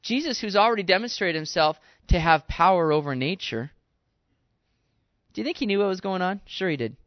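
A man, a pastor, giving a conversational sermon, animated and casual with slangy asides. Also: sits high, a little fast, dry recording, muffled recording.

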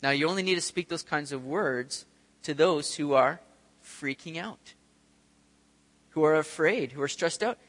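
A man preaching a sermon, telling the story with animated, acted-out scenes. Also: fairly high pitch, unhurried, long pauses, big-room sound. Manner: animated storytelling, acts out voices of disciples. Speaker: pastor.

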